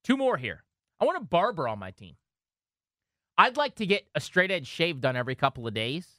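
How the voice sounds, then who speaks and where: A man in his thirties co-hosting a casual sports talk show, telling animated stories. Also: a little high, brisk, dry recording, clean studio sound. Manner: animated storyteller, slips into funny voices. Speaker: podcast co-host.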